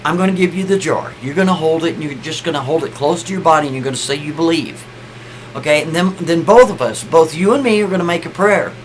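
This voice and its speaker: A man's voice: a little high, quick pace, a little hiss or hum, close to an everyday voice, poor audio. A man doing a pleading, coaxing man. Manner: coaxing, repeats "baby" and "listen". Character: pleading, insistent grown man coaxing his partner.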